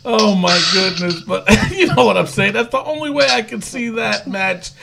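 A man's voice: high-pitched, moderate pace, creaky, over a noisy crowd. A man hosting a wrestling podcast in casual chat, joking and laughing often. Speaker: podcast host.

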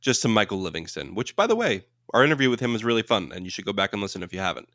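A man co-hosting a casual podcast chat, knowledgeable and quick to explain and correct details. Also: lowish voice, very animated, fairly bright tone, no echo, studio quality. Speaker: podcast co-host.

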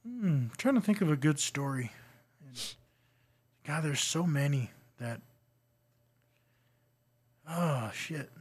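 A man's voice: on the high side, sing-song, slow pace, pauses often, husky. A man guesting on a podcast, telling backstage stories from his wrestling past in a rambling, profane, laughing way. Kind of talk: casual storytelling chat.

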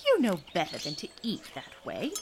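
Prim, fussy abbess. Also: female voice, lowish voice, wildly swooping pitch, moderate pace, slight background noise. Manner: prim, scolding, condescending. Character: fussy prim older abbess scolding a young nun.

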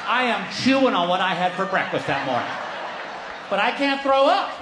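A middle-aged man doing stand-up storytelling, animated and bursting into shouts. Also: high-pitched, normal speed. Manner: animated, breaks into shouts and laughs at his own story. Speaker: stand-up comedian. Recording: roomy live venue with crowd noise.

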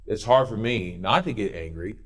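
A male pastor preaching a sermon in a church, swinging between loud urging and quiet intensity. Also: fairly low pitch, animated, moderate pace, breathy edge.

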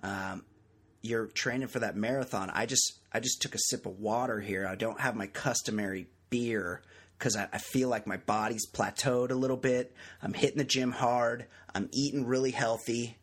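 A man's voice: medium pitch, steady tone, moderate pace, husky. A man hosting a casual podcast, joking and rambling in loose banter. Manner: jokey, rambling, self-mocking. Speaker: podcast host.

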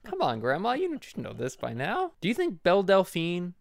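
A man's voice: high-pitched, wildly swooping pitch, normal speed, creaky, no echo, clean studio sound. A young man chatting casually with his grandmother in a playful, teasing way. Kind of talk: casual chat.

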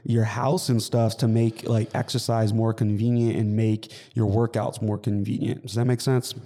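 A man's voice: lowish voice, moderate pace. A man co-hosting a casual podcast chat, talking loosely with lots of fillers. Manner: relaxed, loose, full of fillers like "like" and "you know". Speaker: podcast co-host.

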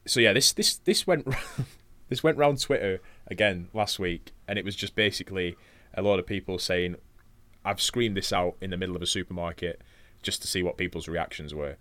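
A man's voice: low-pitched, normal speed, fairly bright tone, no echo. A man co-hosting a podcast, swearing casually and recapping a wrestling match from notes between chatty asides. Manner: profane, chatty, laughs often, reads play-by-play notes. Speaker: podcast co-host.

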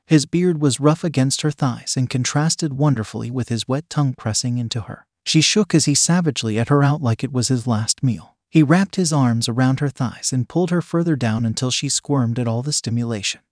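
A man's voice: mid-range voice, a little fast, hardly any pauses, darkish tone, no echo, clean studio sound. Man narrating an adult romance story.

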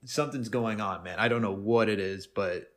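A man co-hosting a podcast in casual sports chat. He talks in an animated way and often says "man" and "bro". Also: fairly low pitch, normal speed. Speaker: podcast co-host.

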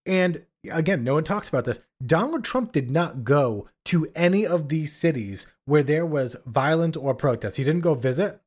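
A man with a slightly high voice vents about politics in casual podcast talk. He leans on "like" constantly and mimics the people he criticizes. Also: animated, moderate pace, hardly any pauses. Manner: indignant, lots of "like", acts out quotes. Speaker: podcast co-host.

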